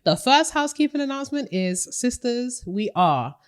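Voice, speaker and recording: Lively young woman podcast co-host. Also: on the high side, normal speed. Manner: animated, playful hype with slang. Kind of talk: casual podcast chat.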